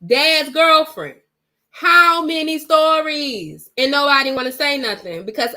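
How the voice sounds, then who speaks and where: A woman's voice: sits high, lively intonation, slow pace, bright, forceful tone. A woman vlogger telling a story in a casual, blunt and emphatic way, swearing freely and retelling it dramatically.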